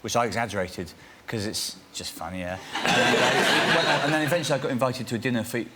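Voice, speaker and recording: A man's voice: medium pitch, brisk, very noisy. A man who does stand-up, telling a self-mocking story on a chat show. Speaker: stand-up comedian.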